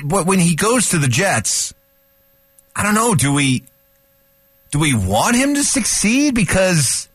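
A man's voice: a little high, a bit bright, slightly rough, no echo. A man hosting a sports radio show, joking and laughing often in casual banter. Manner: jokey, laughs often, playful.

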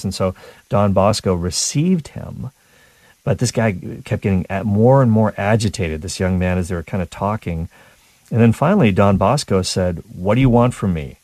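Animated male radio host telling stories. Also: sits low, moderate pace, no room sound. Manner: animated, chuckling storyteller with restarts. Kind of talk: casual storytelling on talk radio.

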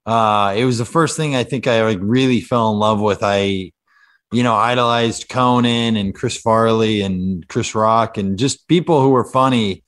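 A man's voice: on the low side, normal speed, fairly bright tone. A man in his thirties from Kansas, a comedian guest in casual podcast chat, joking drily at his own expense with hesitant fillers. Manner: self-deprecating, dry joking with hesitant fillers.

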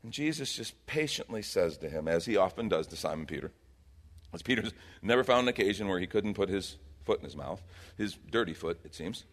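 A middle-aged man preaching a sermon as pastor, expressive and conversational, acting out the voices he quotes. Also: low-pitched, fairly quick.

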